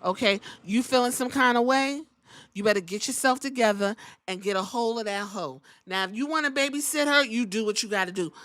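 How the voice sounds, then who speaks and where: A woman's voice: a little high, brisk, fairly bright tone, no room sound, close to an everyday voice. A woman doing a fed-up, sassy female wrestler. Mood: scolding. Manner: sassy, threatening.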